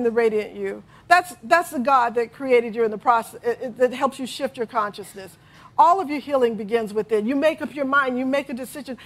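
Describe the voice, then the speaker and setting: Middle-aged lady preacher, kinda high voice, leads the room in affirmations, laughs a lot. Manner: expressive preaching, leads call-and-response affirmations, laughs often. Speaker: minister. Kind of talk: sermon.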